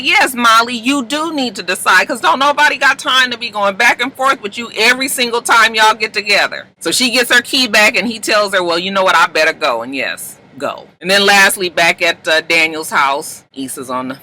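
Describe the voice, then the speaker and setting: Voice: medium pitch, lively intonation, moderate pace, hardly any pauses, bright, forceful tone, a little hiss or hum, low-quality recording. A reviewer from the US West Coast casually recapping a TV episode and acting out the characters' lines with changing voices.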